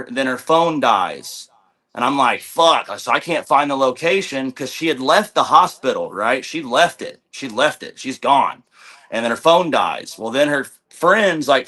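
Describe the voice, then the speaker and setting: A man's voice: medium pitch, pushed and bright. A young man, a podcast guest, telling a long story in casual chat, swearing often and acting out the quoted dialogue. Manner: rambling, profane, retells with quoted dialogue.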